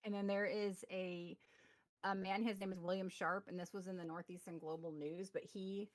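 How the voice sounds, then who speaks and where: A woman's voice: lowish voice, level tone, moderate pace, no echo. Rambling woman co-host on a dry mic. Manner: rambling, with many fillers and restarts. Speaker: podcast co-host. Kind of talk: casual chat, reading articles aloud. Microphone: remote call mic.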